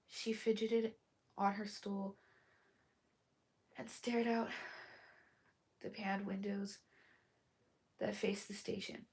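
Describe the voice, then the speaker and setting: A woman reading a story aloud while sick and hoarse, coughing between lines and often dropping to a whisper. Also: medium pitch, level tone, darkish tone. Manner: slow, halting, often drops to a whisper. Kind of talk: casual live read-aloud with asides.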